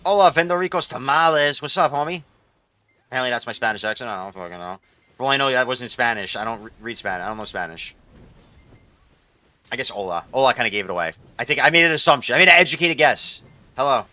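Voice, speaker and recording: A young man streaming live, commenting on his gameplay in an excitable, profane, rambling way. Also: medium pitch, fast talker, no echo.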